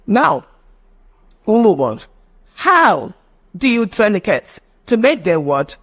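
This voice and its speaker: A man's voice: high voice, breathy edge. A man with a Nigerian English accent teaching a live online phonetics class, explaining in a repetitive, lecturing way.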